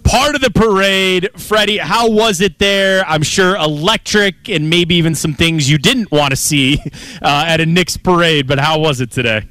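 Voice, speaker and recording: A man co-hosting a sports radio show, upbeat and energetic as he plugs the show and asks questions. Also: a little high, normal speed, no echo. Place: radio studio.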